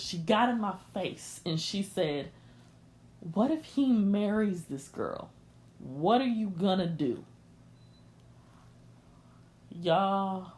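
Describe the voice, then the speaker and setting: A woman's voice: deep voice, a little mellow. A young woman hosting a podcast, confiding a personal story in an emotional, candid rant and speaking straight to her listeners. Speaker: podcast host.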